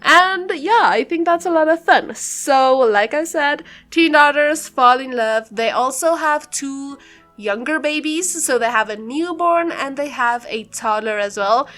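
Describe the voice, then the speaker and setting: Giggly high-voiced young woman rambling. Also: measured pace, a bit bright, soft background music. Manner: rambling, giggly, lots of fillers. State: a bit out of breath. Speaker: YouTuber doing a game build voiceover. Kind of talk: casual voiceover commentary.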